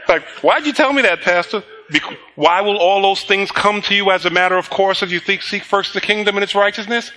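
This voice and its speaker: A bright, somewhat high-pitched man preaching a lively sermon to his congregation. He tells stories through acted-out dialogue and breaks into laughter as he goes. The voice of a middle-aged pastor.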